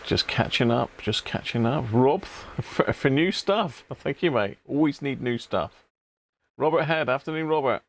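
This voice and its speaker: A man hosting a casual live stream from his home workshop, chatting with viewers and greeting them one by one by name. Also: medium pitch.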